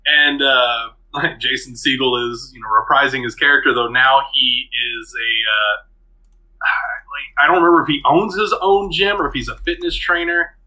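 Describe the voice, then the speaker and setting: A man co-hosting a podcast, talking through a movie pick in a relaxed, hesitant way with many fillers. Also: medium pitch, moderate pace, rough recording. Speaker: podcast co-host. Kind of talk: casual chat.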